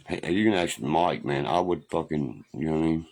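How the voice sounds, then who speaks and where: A man chatting on a livestream, telling profane stories loudly and answering viewers' comments. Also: rumbling low, a little fast, slight background noise. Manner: profane, loud storytelling, reads and answers comments. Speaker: livestream host. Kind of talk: casual livestream chat, reminiscing. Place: home livestream.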